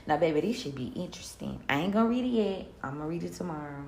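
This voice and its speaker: A woman's voice: on the low side, animated, quick pace, a little mellow. A woman with a Southern US accent hosting a podcast solo, talking in a laid-back, chatty way and laughing often. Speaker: podcast host. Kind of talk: casual solo podcast chat. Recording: roomy echo, faint room noise.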